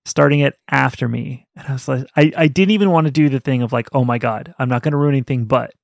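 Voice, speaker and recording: A man's voice: mid-range voice, fast, gravelly, dry recording, studio quality. A man co-hosting a podcast, chatting animatedly and rambling about a book, laughing often. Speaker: podcast co-host. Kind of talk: casual book-review chat.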